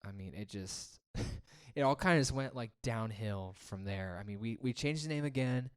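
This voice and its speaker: A man's voice: mid-range voice, moderate pace, clear, resonant tone. A young man, a musician, recounting his band's history in a casual chat, rambling with many fillers. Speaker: guest musician.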